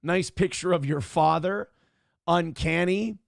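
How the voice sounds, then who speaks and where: A middle-aged man hosts a casual livestream talk show, reading donations aloud with loud, crude jokes and a rough voice that cannot reach high notes. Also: measured pace, no room sound, studio quality. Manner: loud, crude, joking, reads chat messages aloud.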